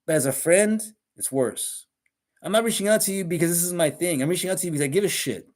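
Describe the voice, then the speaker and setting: A man's voice: high-pitched, fast, a little mellow. A middle-aged man hosting a podcast, ranting bluntly and profanely in a casual monologue. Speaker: podcast host. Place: live podcast recording.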